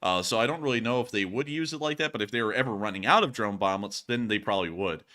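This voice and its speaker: Bright-voiced man hosting a live stream. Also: fairly low pitch, quick pace. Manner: laughs often, loose joking banter. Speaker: host of a war news stream. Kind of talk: casual live-stream chat answering viewer questions.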